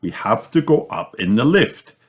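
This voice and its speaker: A man reading a storybook aloud and voicing a jolly, clumsy father pig who talks slowly and chuckles. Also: medium pitch, big pitch swings, close to an everyday voice. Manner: slow, chuckling and easygoing. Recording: noisy home recording with clicks.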